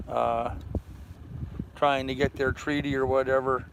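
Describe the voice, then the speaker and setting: A man's voice: medium pitch, flat delivery, measured pace, vocal fry. Older man chatting on a noisy boat. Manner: rambling, easygoing, reads viewer comments aloud. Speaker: vlog host. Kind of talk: casual livestream chat. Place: on a sailboat in a harbor.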